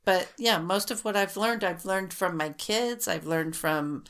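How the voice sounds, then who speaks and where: A woman's voice: mid-range voice, measured pace, fairly bright tone, smooth. A woman co-hosting a podcast, chatting casually and reacting with gasps and exclamations. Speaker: podcast co-host. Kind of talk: casual chat.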